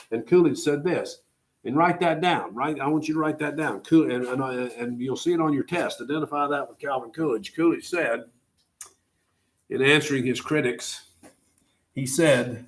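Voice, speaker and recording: A man's voice: medium pitch, lively intonation, normal speed. A middle-aged man giving a classroom history lecture, asking rhetorical questions and telling students what to write down. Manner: conversational, rhetorical questions, tells students to take notes. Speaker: history teacher.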